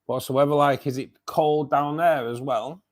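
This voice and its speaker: Here the Manchester streamer sounds higher-pitched, keeping a fairly even intonation at a moderate pace. He's chatting casually on a live stream, going through viewer comments and calling people mate in his Northern English accent.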